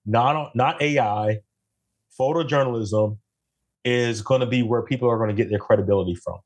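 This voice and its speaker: Animated Jamaican-born man on a podcast. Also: medium pitch. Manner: animated, tags statements with "right?". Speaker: podcast guest, photographer. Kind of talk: casual podcast chat.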